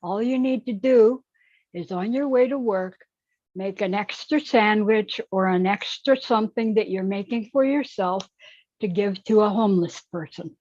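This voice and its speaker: A woman's voice: medium pitch, normal speed, a little mellow, dry recording. A blunt, outspoken woman on an online call, giving frank opinions. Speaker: panelist. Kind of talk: casual online chat. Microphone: video call. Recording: dull lo-fi call audio.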